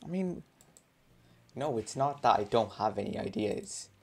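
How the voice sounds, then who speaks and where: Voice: medium pitch, animated, a little slow, vocal fry, a little mellow, slightly rough. A young adult gamer casually reading a visual novel aloud, chatting between lines, laughing often and swearing under their breath. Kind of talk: casual let's-play with read-aloud game text.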